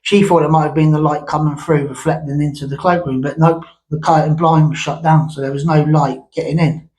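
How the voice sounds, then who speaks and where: Rambling storytelling man, slightly high voice. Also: steady tone, a little fast, darkish tone, low-quality recording. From England. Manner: rambling, conversational, with many restarts and asides. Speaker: vlogger.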